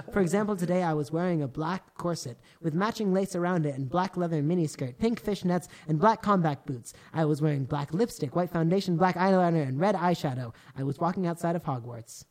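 A woman's voice: low voice, darkish tone. Woman reader, comedic read-through, keeps cracking up. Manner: laughing, breaking up mid-sentence. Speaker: co-host reading aloud. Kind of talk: comedic dramatic reading.

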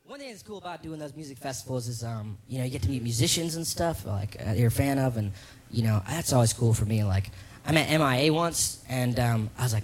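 A young man performing a stand-up comedy set, telling a story with animated delivery and mocking voices for the people he quotes. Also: medium pitch, brisk, a little hiss or hum. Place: comedy club stage. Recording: live club recording with crowd laughter. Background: audience laughing.

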